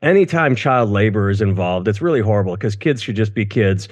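A man's voice: fairly low pitch, lively intonation, a little fast, long reverb tail. A man in his thirties co-hosting a casual comedy news podcast, sarcastic and profane, often stumbling over restarts. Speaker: podcast co-host. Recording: dull lo-fi podcast audio.

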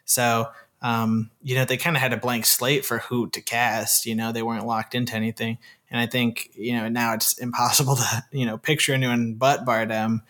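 A man's voice: mid-range voice, level tone, normal speed, few pauses, a bit bright. Rambling man in a casual film chat. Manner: rambling, hedging with "you know" and "like".

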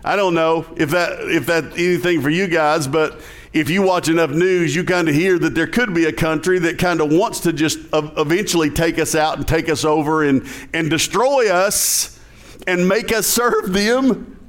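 A man's voice: fairly high pitch, moderate pace. Man with a Southern lilt preaching a sermon. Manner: conversational preaching, chuckles, asks the congregation questions. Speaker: pastor.

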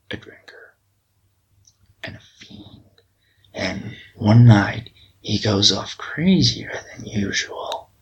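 A man doing a whispered impression of a scarred psychopathic movie villain, slow and menacing. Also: on the low side, slightly rough, exaggerated voice, rough recording. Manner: hushed, drawn-out menacing whisper.

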